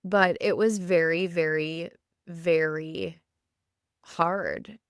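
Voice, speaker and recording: A woman in her thirties co-hosting a podcast, talking casually in a halting way full of fillers and restarts, recorded at home in a basement. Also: fairly low pitch, steady tone, dry recording, studio quality. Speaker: podcast co-host. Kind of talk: casual chat.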